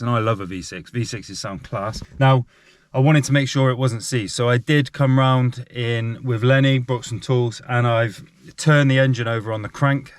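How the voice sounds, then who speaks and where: A man's voice: mid-range voice, a little hiss or hum. A man hosting a casual car vlog, chatty and chummy with rambling asides. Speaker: channel host.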